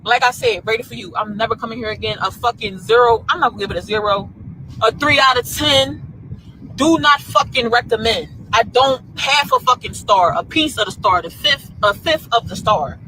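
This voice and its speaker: A woman's voice: a little high, normal speed, bright, forceful tone, rough recording. A woman ranting in a heated, profane, repetitive way about a bad salon visit, outdoors near traffic. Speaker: salon customer. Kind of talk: angry vlog rant.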